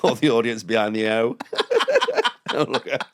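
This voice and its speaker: A man's voice: fairly low pitch, normal speed, clear, resonant tone, no echo, studio quality. A male comedian telling a long story on a podcast, laughing and acting out other people's lines in raised voices. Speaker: comedian guest. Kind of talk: casual podcast chat, storytelling.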